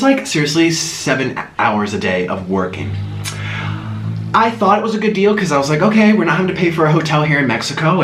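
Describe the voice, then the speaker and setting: A man vlogging as he eats, telling a story in an animated way and gasping and murmuring between bites. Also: on the high side, roomy sound, a little hiss or hum. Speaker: mukbang vlogger. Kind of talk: storytelling while eating on camera.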